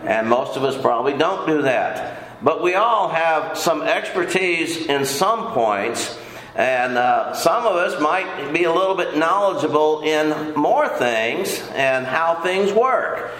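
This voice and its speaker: A man's voice: fairly high pitch, lively intonation, slow, fairly bright tone. An older man teaching a casual Bible lesson in a folksy, rambling way, often repeating himself. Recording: echoey room.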